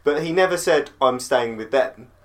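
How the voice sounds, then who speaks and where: Man, podcast guest, casual chat, hesitant, mid-pitched, loses his thread. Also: normal speed.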